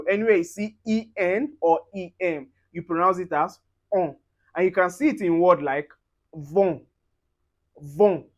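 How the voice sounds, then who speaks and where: Male French tutor, slow careful repetition in a pronunciation lesson. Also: high-pitched.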